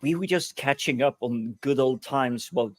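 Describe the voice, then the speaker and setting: A middle-aged man from Sweden speaks in a measured, reflective way during a casual chat. His voice sits in an ordinary middle range. The recording is dry and close, with no echo. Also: medium pitch. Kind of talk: casual conversation.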